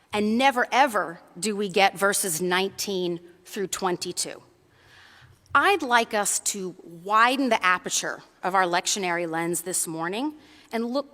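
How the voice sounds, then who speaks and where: A woman's voice: medium pitch, fairly bright tone, in a large hall. A woman preacher giving a conversational sermon in a church. She tells a story and often checks in with the congregation.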